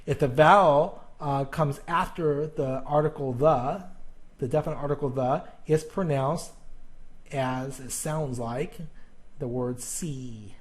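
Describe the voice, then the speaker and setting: A man teaching a pronunciation lesson, explaining slowly with fillers and repeated examples. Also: mid-range voice.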